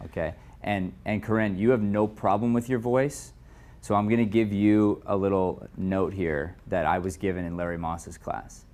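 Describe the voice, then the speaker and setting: A man coaching actors in an acting studio, giving quick direct notes between takes. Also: deep voice, fairly even intonation, a little mellow. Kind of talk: live coaching in an acting class.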